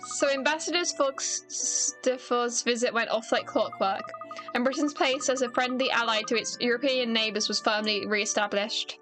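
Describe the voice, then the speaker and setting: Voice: mid-range voice, moderate pace, sharp tone. A streamer casually chatting while playing a game and reading its dialogue, rambling and joking. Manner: rambling, joking, self-deprecating. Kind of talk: casual gameplay commentary, reading dialogue aloud. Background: game music.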